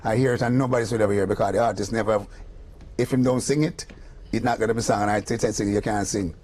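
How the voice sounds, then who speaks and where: A man's voice: lowish voice, fast talker, husky. An older man with a Jamaican accent, a music producer telling stories in an interview, slipping into patois and acting out the people he quotes. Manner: animated storyteller who slips into patois and acts out the people he quotes. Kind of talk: storytelling in a casual interview.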